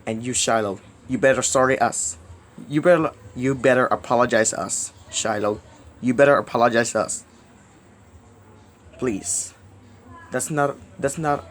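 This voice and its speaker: Speaking at medium pitch over a slight hiss or hum, a man rambles in a pleading, repetitive direct-to-camera video. He alternates between loud bursts and mumbling, halting and restarting words often.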